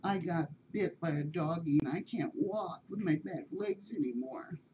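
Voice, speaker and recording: A woman's voice: fairly low pitch, a little slow, dark tone, lo-fi sound, a little hiss or hum, lightly acted. A woman voicing a small injured kitten who asks plain, childlike questions. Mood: innocent.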